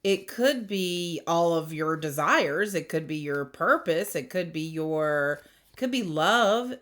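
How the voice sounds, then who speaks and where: A woman giving a casual, rambling tarot reading, chatty and quick to laugh. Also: on the low side, expressive, fairly bright tone. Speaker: tarot reader.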